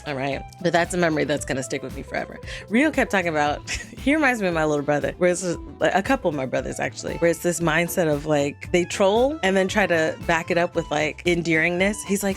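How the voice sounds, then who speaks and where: A woman vlogger in her thirties telling a lively, animated story in a casual chat, jumping high in pitch whenever she quotes people. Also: fairly quick, soft background music.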